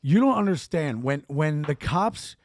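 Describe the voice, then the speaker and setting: A man telling a long story as a podcast guest, rambling, swearing and animated. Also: fairly high pitch, a little slow, no echo, clean studio sound. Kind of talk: storytelling in casual talk.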